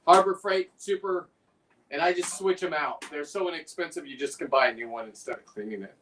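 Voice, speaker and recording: Talking through his work as he prepares lobster, a fishing-livestream guest chats in a rambling, casual way. He's recorded away from the mic, his voice high-pitched and a bit bright.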